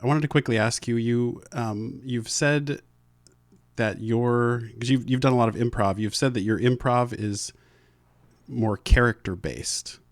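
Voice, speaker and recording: Halting male interviewer, dry close sound. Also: mid-range voice, dry recording. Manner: halting, searching questions with many restarts. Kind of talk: interview questions.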